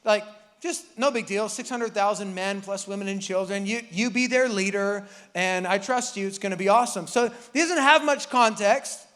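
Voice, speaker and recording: High-voiced man preaching in a hall. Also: normal speed, a bit bright. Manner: casual, joking preacher acting out Bible characters. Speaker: pastor. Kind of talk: sermon. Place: church hall.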